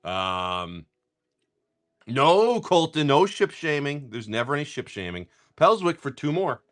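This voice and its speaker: A man's voice: fairly high pitch, sing-song, fairly bright tone. A middle-aged man hosting a live stream, opening card packs, rattling off card names and telling joking stories in casual chat. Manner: rapid card-name rundowns mixed with joking stories.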